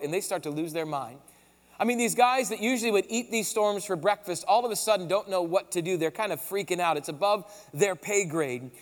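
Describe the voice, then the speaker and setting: Speaking in a notably high voice, a pastor preaches a sermon, retelling the story casually and energetically with plenty of slang. A long reverb tail from a large hall follows his voice.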